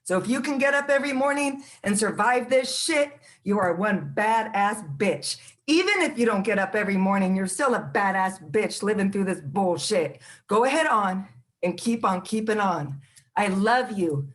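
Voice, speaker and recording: A woman's voice: medium pitch, moderate pace. A woman performing her spoken word poem at an open mic, in a rhythmic delivery of short phrases.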